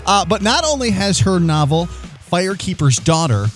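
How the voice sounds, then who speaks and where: A man's voice: high-pitched, big pitch swings, normal speed, faint music behind. A man hosting morning radio in playful, joking banter. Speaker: radio host. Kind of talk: casual morning radio chat.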